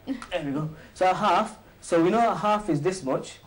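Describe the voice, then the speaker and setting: A man hosting and teaching an informal maths lesson, quizzing a few students with quick questions and joking as he goes. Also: sits high, low-quality recording. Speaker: maths teacher and show host.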